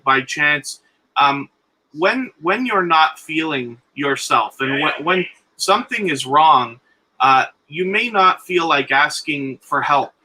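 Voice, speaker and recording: A man's voice: on the high side, bright, forceful tone, rough recording. A man speaking earnestly as a guest on a live stream, giving encouragement and advice.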